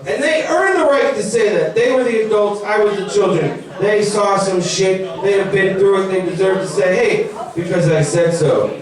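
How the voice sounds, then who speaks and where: A young man doing a stand-up comedy set. He talks in a rambling, animated way and mocks people in put-on voices. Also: high voice, normal speed, a crowd in the background. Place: comedy venue. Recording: very echoey room, mic far off.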